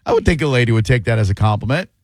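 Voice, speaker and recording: A man's voice: mid-range voice, animated, racing, darkish tone, husky, dry recording. A man hosting a call-in radio show, talking in a wry, joking and opinionated way into a studio microphone.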